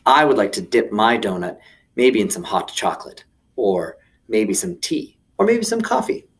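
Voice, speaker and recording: A man hosting a children's video lesson, speaking playfully and enthusiastically straight to the kids. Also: lowish voice. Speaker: children's teacher.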